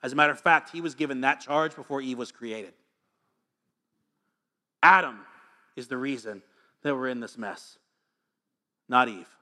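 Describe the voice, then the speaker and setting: A man in his thirties gives a lively sermon, his voice bright and pushing forward. He mixes scripture reading with teasing stories and asides. His pitch sits in a middling range for a man. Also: normal speed. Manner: energetic, joking, reads scripture aloud. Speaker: pastor.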